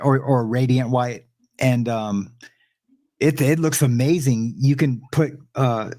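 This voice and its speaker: Man, interview guest, casual, halting, many fillers, video call. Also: medium pitch, darkish tone.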